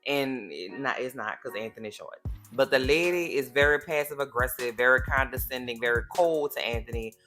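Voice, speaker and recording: A woman's voice: very deep voice, a little fast, a bit bright, faint music behind. Sassy, blunt woman recapping TV. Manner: sassy, blunt, slang-heavy commentary. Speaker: TV recap vlogger. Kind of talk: casual TV episode recap.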